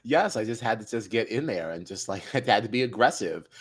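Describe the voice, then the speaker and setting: Low, lively-voiced man telling stories. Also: brisk, breathy edge. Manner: animated storytelling, acts out quotes. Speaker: podcast co-host. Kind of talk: casual chat recap. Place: Midtown Manhattan.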